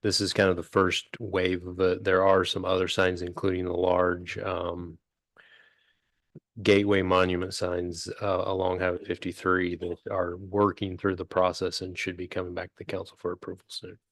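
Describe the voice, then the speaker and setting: A man's voice: sits low, monotone, normal speed, a bit bright, no room sound. A man, a city official, adding informal background remarks at a council meeting. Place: council chamber.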